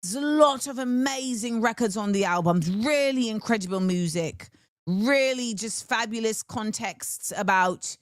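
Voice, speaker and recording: A chatty, animated woman hosts her talk show with a slightly high voice. She is recorded dry and close, with no room sound at all. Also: no echo. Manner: animated, chatty, laughs often. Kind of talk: casual solo talk show chat.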